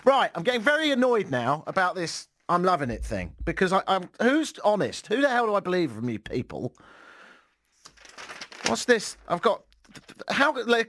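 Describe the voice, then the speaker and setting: A man's voice: high voice, a bit bright, dry recording, studio quality. A British man hosting a casual talk radio show, joking and sarcastic, laughing often. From Britain. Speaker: radio host. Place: radio studio.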